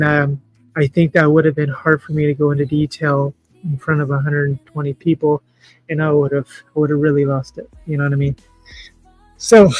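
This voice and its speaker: A man hosting a livestream in casual chat, talking in an emotional, halting, heartfelt way. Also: on the high side, no room sound, poor audio. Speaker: livestream host.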